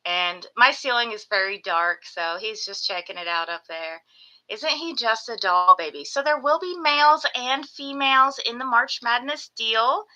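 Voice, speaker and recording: A woman with a high, very bright voice, chatting casually on a live stream from home. She gushes and coos at her pets, slipping into baby talk between her explanations. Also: poor audio. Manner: gushing, baby-talks to her geckos. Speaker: reptile breeder hosting a live sales stream.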